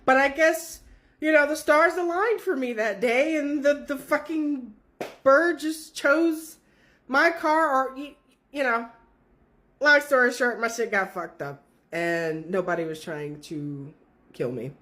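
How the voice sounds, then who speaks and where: Young woman, casual storyteller, lively and profane, slightly high pitch. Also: slow pace. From California. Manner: animated, profane, laughing storyteller.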